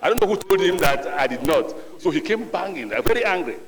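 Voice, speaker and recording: A man's voice: high voice, very animated, fast talker. A middle-aged Nigerian man, a ministerial nominee, answering senators' questions at a screening in an earnest, plain-spoken way, telling anecdotes as he goes. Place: large legislative chamber. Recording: reverberant hall.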